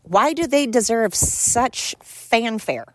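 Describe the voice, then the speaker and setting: A woman's voice: a little high, lively intonation, takes it slowly, fairly bright tone, no echo, studio quality. A woman hosting a solo podcast, ranting bluntly and crudely, rambling with fillers and exasperated asides. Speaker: podcast host. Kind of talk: solo opinion podcast rant.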